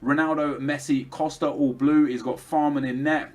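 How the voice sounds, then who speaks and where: A man's voice: a little high, fairly even intonation, moderate pace, darkish tone. A young man rambling through casual commentary over his own gameplay, chatty, with lots of fillers and restarts. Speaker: gaming commentator.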